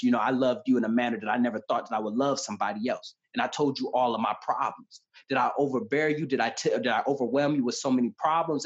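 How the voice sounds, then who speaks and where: A man's voice: mid-range voice, dull audio. A man in his thirties telling personal stories with earnest emotion in a candid conversation. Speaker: podcast guest.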